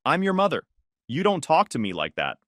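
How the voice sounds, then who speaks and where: A man's voice: a little high, wildly swooping pitch, fairly quick, a bit bright, no echo, voice pushed up. Guy voicing a snippy condescending mom in a storybook read, acts all reasonable, voice goes up and down a lot, dry close sound. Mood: snapping. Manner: dismissive, falsely reasonable. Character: cold, condescending older mother.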